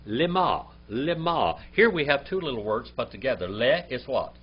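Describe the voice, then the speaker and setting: A man teaching a Bible language class, quizzing his students and reading Hebrew words out slowly. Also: mid-range voice, very animated, slightly rough. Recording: dull lo-fi classroom recording with faint hum.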